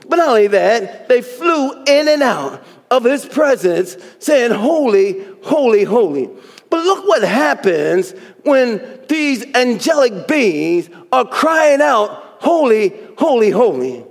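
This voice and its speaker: Fervent male preacher, very high pitch, whoops and shouts, long hall reverb. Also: big pitch swings, slow, vocal fry. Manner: whooping, shouting praise with rising fervor. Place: church sanctuary. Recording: long reverb of a church sanctuary.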